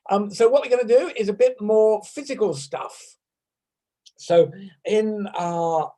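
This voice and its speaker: A man with a British accent and a high-pitched, dark-toned voice leads a laughter yoga session over a video call from his desk at home. Captured on a desk microphone in low quality, he's playful and chatty, breaking into bursts of laughter.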